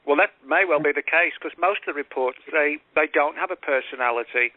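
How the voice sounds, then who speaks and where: A man, a guest author on a call-in radio interview, explains at length in a measured way with frequent fillers and restarts. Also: fairly high pitch. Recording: tinny phone-line audio, dry.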